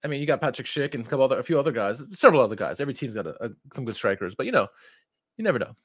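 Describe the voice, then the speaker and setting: Male podcast co-host, rambling chat, middle pitch, dry sound. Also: expressive, rapid-fire, a bit bright, no room sound. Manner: rambling, self-correcting, loose. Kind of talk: casual football podcast chat.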